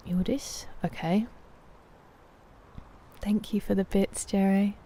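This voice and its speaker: A British woman chatting casually on a live game stream, thanking viewers and sometimes dropping into a soft whisper. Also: mid-range voice, little pitch movement, slow, a little hiss or hum. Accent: British English.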